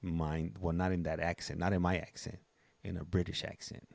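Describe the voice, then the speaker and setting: A man's voice: deep voice, level tone, normal speed, gravelly, darkish tone, no echo. A man hosting a livestream, chatting casually and rambling with frequent restarts. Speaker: livestream host. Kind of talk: casual chat.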